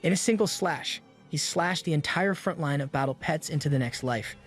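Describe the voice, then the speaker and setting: A man's voice: a little high, normal speed, breathy edge, soft background music. A man narrating a comic recap in a scripted style, breaking in with wry, slangy asides. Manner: wry, slangy commentary between plot beats.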